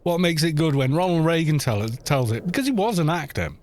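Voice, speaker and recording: A man's voice: a little high, expressive, fairly quick, darkish tone, dry recording. A man from North Wales with a mixed North Welsh and southern English accent, chatting casually on a game livestream. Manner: rambling, chatty, many restarts. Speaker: streamer.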